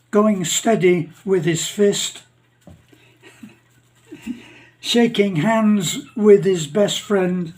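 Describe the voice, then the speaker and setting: An older man with a Northern English accent, telling jokes and stories in a rambling, chuckling way with many pauses. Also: high voice, darkish tone. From England. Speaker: channel host. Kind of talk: casual storytelling monologue.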